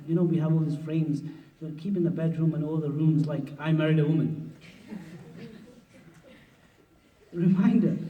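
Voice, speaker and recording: Man lecturing in an echoey hall. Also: on the high side. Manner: conversational and humorous, acting out spouses' voices. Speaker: mufti teaching a marriage workshop. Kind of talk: religious workshop lecture. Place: mosque hall at a conference. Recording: roomy hall, distant mic, dull sound.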